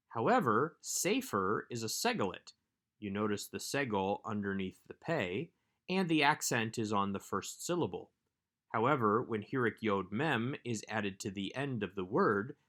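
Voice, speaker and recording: A man giving a recorded workbook lesson as a Hebrew instructor, explaining grammar in a measured way. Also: on the low side, fairly bright tone.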